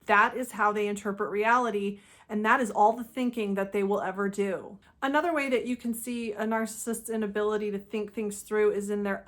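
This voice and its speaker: A woman with a slightly high voice talks alone to her audience as host of her own channel. She explains things step by step in an earnest, emphatic way. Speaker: host of a channel about narcissism. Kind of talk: explanatory solo talk.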